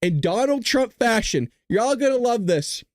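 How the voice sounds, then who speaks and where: A man's voice: extremely high pitch, big pitch swings, normal speed, darkish tone, slight background noise. A man hosting a casual news commentary stream who swears, jokes, and keeps breaking into giggles, sounding tired from staying up late. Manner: profane, joking, breaks into giggling laughter. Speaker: host.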